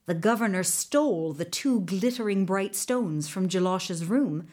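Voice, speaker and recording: Woman storyteller reading a folk tale aloud, lively in pitch and slow-paced. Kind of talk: storybook narration.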